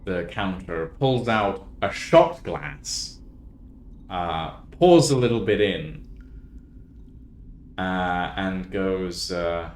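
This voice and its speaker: A man's voice: deep voice, drawn-out words, long pauses, slight background noise. A man narrating a tabletop game as game master, hesitant and full of fillers. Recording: echoey room with music behind.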